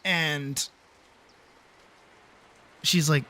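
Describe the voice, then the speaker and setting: A man's voice: fairly high pitch, measured pace, fairly bright tone. Rambling, apologetic streamer man. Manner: rambling, apologetic, swears casually. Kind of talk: casual livestream chat.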